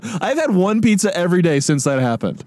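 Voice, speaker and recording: A man's voice: high-pitched, fast, crowd noise. A man co-hosting a podcast in casual chat, telling stories with frequent laughter. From American Midwest. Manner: animated storyteller, laughs often. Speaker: podcast co-host.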